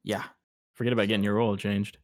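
A man's voice: fairly low pitch, level tone, a little fast, dry recording, clean studio sound. A man co-hosting a podcast in casual chat who laughs often and trails off mid-sentence. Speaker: podcast co-host.

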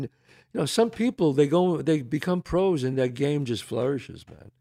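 Male talk host, fairly high and very animated, blunt and profane. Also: unhurried, no echo, clean studio sound. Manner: emphatic, swearing, repeats his points. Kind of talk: casual chat.

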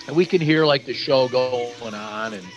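A man's voice: medium pitch, moderate pace, dull audio, loud music behind the voice. A middle-aged man, telling a story casually and acting out the voices of his friends. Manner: animated, acts out quotes with swearing. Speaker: guest storyteller.

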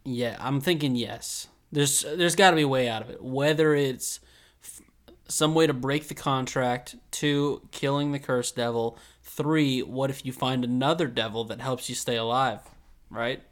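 A man's voice: mid-range voice, steady tone, measured pace. Laid-back young man, rambling chat. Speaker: podcast co-host. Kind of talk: casual chat about an anime.

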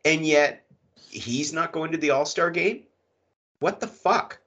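A man's voice: a little high, unhurried, sharp tone. Ranting middle-aged man on a hockey podcast. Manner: ranting, profane, emphatic. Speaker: podcast co-host. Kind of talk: casual sports chat. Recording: muffled lo-fi sound.

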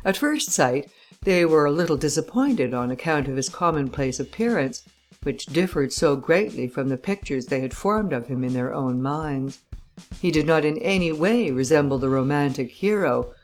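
A woman reading a classic story aloud as an audiobook narrator, in a measured, even way. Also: low voice, soft background music. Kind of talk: scripted narration.

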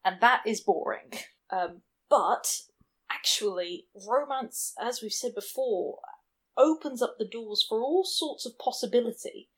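A woman's voice: a little high, animated, a little slow, breathy edge. Agreeable woman co-host. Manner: agreeable, chuckling, conversational. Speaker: podcast co-host. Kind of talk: casual chat.

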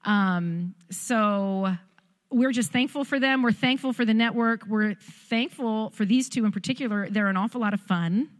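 A woman's voice: on the high side, normal speed. A woman who leads the church, casually and gratefully introducing two visiting guests. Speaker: church leader.

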